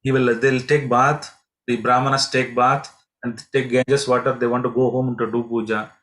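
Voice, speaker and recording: A man, teaching as a pilgrimage guide, telling devotional stories in a halting way with many fillers and restarts. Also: medium pitch, level tone, a bit bright, low-quality recording. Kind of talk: devotional storytelling lesson.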